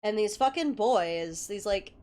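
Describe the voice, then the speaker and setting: A woman's voice: medium pitch, animated, measured pace, a little mellow. A young woman chatting casually with her viewers as a livestreamer, telling stories and swearing freely. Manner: chatty storytelling with frequent swearing; greets viewers by name.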